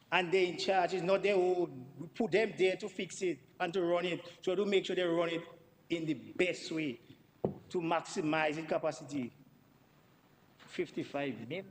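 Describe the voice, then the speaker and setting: A man speaks in a parliamentary debate. He is emphatic and piles up repeated words for stress, in a somewhat high voice. The chamber adds a long reverb under a faint noise floor. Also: a little slow. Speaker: member of parliament.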